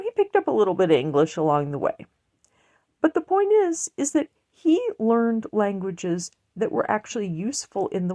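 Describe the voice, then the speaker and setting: A woman's voice: medium pitch, darkish tone. A woman giving a blunt, earnest personal monologue that rambles and restarts. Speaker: online commentator.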